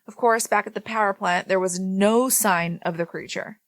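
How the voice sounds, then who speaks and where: A woman's voice: mid-range voice, normal speed, no echo. A woman podcast co-host reading a paranormal story aloud, breaking off now and then to laugh and joke with her co-host.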